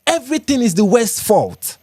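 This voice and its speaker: A man's voice: very high voice, huge pitch swings, normal speed, mellow, slightly rough, dry recording, studio quality. A man with a Nigerian accent hosting a live reaction stream, reading viewer comments aloud and commenting on them emphatically, often repeating phrases for effect. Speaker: livestream host.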